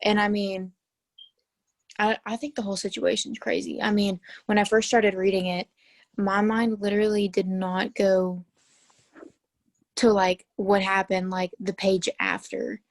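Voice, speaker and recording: On a dry recording, a talkative teenage girl discusses a book with classmates over a casual video call, making her points emphatically. She speaks a little slowly in a medium-pitched, level voice.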